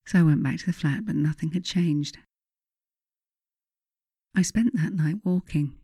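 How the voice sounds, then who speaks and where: A woman reads her own memoir in a measured, reflective voice. Her tone is warm and mellow. The recording is close and dry, with no room sound. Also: sits low, steady tone, slightly rough, no echo. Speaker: author reading her own book. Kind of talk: memoir audiobook narration.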